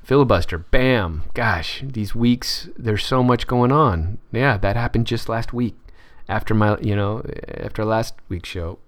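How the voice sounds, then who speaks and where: A man's voice: lowish voice, a little slow, hardly any pauses, dry recording. A man hosting his own show, reading news headlines aloud and adding offhand, wry remarks, with many fillers and restarts. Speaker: podcast host reading headlines. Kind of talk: casual news commentary.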